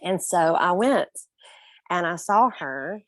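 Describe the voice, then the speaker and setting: A woman's voice: on the low side, animated, slow pace, no room sound. A young woman guest in a casual interview, telling her own story earnestly and emotionally, often breaking into small laughs.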